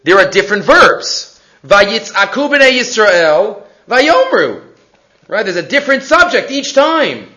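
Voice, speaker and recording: A man teaching a Torah portion class, animated and full of rhetorical questions, mixing Hebrew terms into his English. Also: high voice, a little slow, rough recording.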